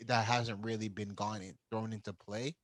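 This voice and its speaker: A man's voice: on the low side, steady tone, moderate pace, a little hiss or hum, low-quality recording. A man co-hosting a podcast, casually recapping an anime plot and acting out the characters' lines. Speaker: podcast co-host.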